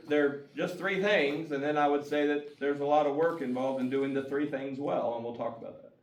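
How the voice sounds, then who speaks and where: A man's voice: fairly high pitch, a bit bright. Folksy man speaking in an echoey room. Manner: folksy, chuckles between points. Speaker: guest speaker. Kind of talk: casual community talk. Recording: echoey room, mic far off, guitar music.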